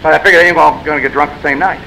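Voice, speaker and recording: A man's voice: fairly high pitch, steady tone, very fast, gravelly, background noise. A man speaking at a recovery meeting, telling his story in a blunt, self-mocking way that swings between wry and exasperated. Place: meeting room.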